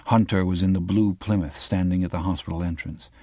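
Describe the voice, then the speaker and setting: A man reading a crime novel aloud in a very low voice. His delivery is even and unhurried. The recording is close and dry, with no room sound. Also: dry recording. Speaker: audiobook narrator. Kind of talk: scripted narration.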